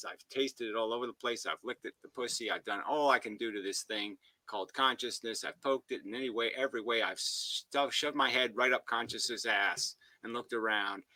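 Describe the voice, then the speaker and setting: A man's voice: mid-range voice, sharp tone, no echo, poor audio. A man ranting in combative philosophical commentary, profane and abrasive, close to a home mic. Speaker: commentator reacting to a debate.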